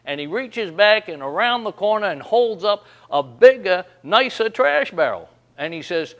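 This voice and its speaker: A folksy man tells comic yarns in a slightly high voice. He talks like a down-home storyteller and chuckles as he goes. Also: very animated, unhurried, fairly bright tone. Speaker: host of a humor segment.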